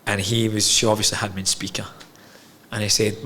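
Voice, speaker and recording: A man's voice: on the low side, level tone, a little fast, sharp tone, slight background noise. A man, a podcast guest telling his own story candidly, frank and emotional, swearing freely.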